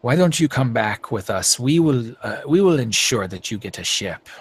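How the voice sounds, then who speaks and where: A hushed, scheming alien woman, as a man puts her on for a tabletop game. She has a put-on foreign accent and speaks in quiet, measured, half-whispered tones. Her voice sits a little lower and softer than the game master's own. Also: expressive, slight background noise, close to an everyday voice. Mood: smooth. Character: smooth-talking female alien majordomo, calm and scheming.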